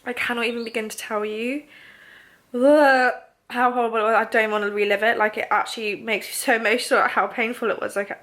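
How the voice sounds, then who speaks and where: A woman's voice: on the high side, level tone, fast, few pauses, sharp tone. A young woman talking casually in a video diary, nasal and congested, chatty and emotional. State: congested, nasal after surgery. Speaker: vlogger.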